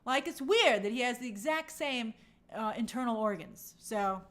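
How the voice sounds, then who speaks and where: Middle-aged woman, trailer-review host, high lively voice, chatty and opinionated. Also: moderate pace. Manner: chatty and opinionated, with lots of fillers and mock quotes. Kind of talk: casual trailer breakdown commentary.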